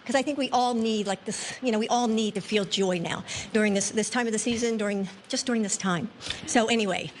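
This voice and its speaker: A woman's voice: a little high, brisk, a little hiss or hum. A woman giving hesitant, meandering remarks to an audience at an event.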